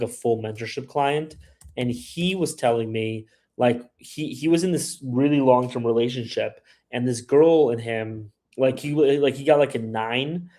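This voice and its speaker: A man's voice: mid-range voice, darkish tone. A man hosting a travel livestream, answering viewer questions in a loose, rambling way, full of "like" and "you know what I mean". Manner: rambling, frequent "like" and "you know what I mean", puts on voices when quoting people. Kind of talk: casual livestream chat reading viewer questions.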